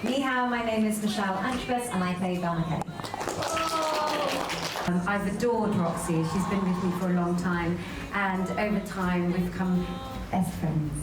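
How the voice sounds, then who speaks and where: A woman's voice: lowish voice, fairly even intonation, normal speed, very noisy. A woman stage actress talking casually about her role in a chatty way. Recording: echoey, distant, loud music.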